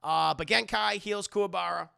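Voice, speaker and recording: A man streaming an anime review who tells the story in animated, profane casual talk to his live chat and acts out the characters. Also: high voice, moderate pace, creaky, clean tone.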